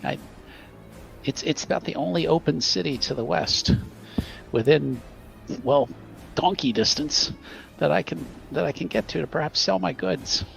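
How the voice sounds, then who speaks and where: A man's voice: a little high, moderate pace, vocal fry, pauses often, music in the background, voice pushed up. A man voicing a poor, hopeful female jewelry peddler who talks in a hesitant, wheedling way. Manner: hesitant, wheedling sales talk.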